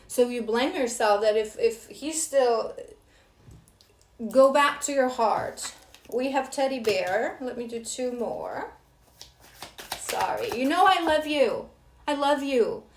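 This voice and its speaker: A woman gives a spiritual tarot reading for her viewers, swinging between earnest and scolding, with emotional asides. Her voice is a little high, and the room sounds echoey.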